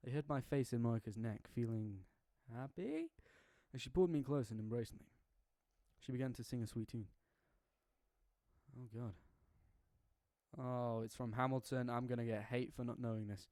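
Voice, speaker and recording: A man's voice: medium pitch, fairly even intonation, moderate pace, pauses often, darkish tone, no room sound. A young man reading a fan story aloud, breaking off for casual, jokey, slangy asides. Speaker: story reader.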